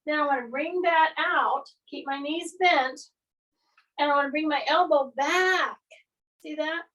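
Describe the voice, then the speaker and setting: Upbeat high-voiced woman fitness coach. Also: a little slow, a bit bright, far from the mic, dull audio. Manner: upbeat, coaching, lots of "okay?" check-ins. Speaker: fitness instructor. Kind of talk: guided workout instruction.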